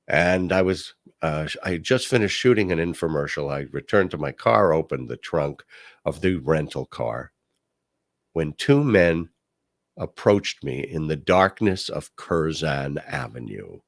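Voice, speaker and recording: In a laid-back solo podcast segment, a male host recounts something from his own life with an expressive, creaky voice at a measured pace. Quoted lines come out higher-pitched, while asides drop soft and low. The sound is studio quality with no room sound.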